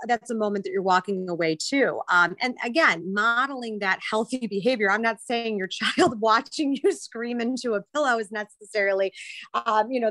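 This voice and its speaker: A woman on a radio talk show speaking earnestly in casual chat, often filling pauses with "you know". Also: mid-range voice, a bit bright, no room sound. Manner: earnest, leans heavily on "you know" fillers.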